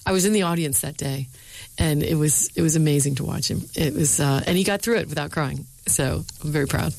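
A middle-aged woman, a speechwriter and lecturer, answering interview questions with lively storytelling and quoting others in changed voices. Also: low voice, a little fast, creaky, rough recording. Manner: animated storyteller, voices quoted people.

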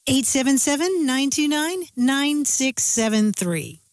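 A woman co-hosting a call-in radio show, speaking clearly and at a measured pace as she reads out numbers and listener stories. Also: high voice, animated. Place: radio studio. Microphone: studio microphone.

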